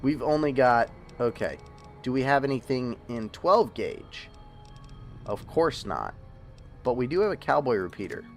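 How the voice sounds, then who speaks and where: A man's voice: medium pitch, sing-song, unhurried, soft background music. A man casually commenting on his gameplay for a live stream, joking and rambling to his viewers. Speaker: livestreaming gamer.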